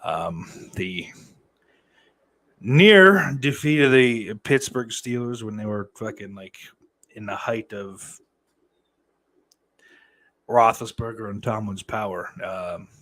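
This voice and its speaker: A man's voice: fairly low pitch, expressive, slow pace, long pauses, a bit bright. A man hosting a live podcast stream, talking casually and sardonically with plenty of profanity and mock threats. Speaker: podcast host reading live chat.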